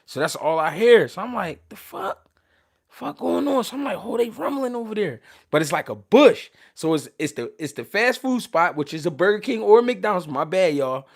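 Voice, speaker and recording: A man's voice: sits high, normal speed, few pauses. Slang-heavy Philly man telling stories. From Philadelphia, USA. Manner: animated, slangy, profane, restarts sentences often. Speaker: show host. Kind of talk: casual storytelling.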